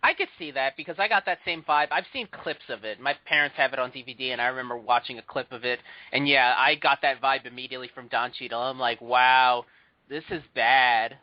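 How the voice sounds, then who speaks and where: A man's voice: mid-range voice, fast, few pauses, no echo, dull audio. A young man co-hosting a casual movie podcast, chatty and opinionated. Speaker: podcast co-host. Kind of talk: casual chat.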